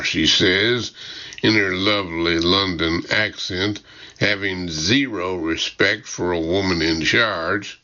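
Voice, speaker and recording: A man reading a first-person audiobook narration in a measured, dry and wry way. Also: low-pitched, fairly even intonation, pushed and bright, highs cut off.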